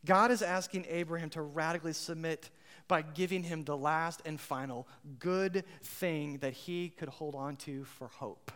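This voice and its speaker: A man preaching a sermon as pastor, impassioned, swinging between loud outbursts and hushed moments. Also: on the high side, moderate pace. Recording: long reverb of a large hall.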